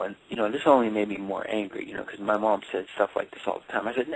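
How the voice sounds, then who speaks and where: A man working as a life coach and counselor, telling a personal story in a phone interview with halting speech and frequent repeated words. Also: on the low side, fairly even intonation, creaky, husky, poor audio.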